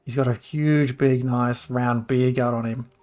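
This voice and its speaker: A man's voice: medium pitch, fairly even intonation, measured pace, darkish tone. A man with an Australian accent, narrating as game master in a laid-back way.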